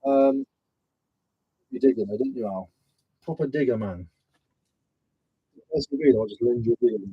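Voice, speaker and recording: Lively, husky man chatting. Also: mid-range voice, normal speed, no room sound, lo-fi sound. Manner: rambling, swearing banter with viewers. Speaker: reseller streamer. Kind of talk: casual live-stream chat.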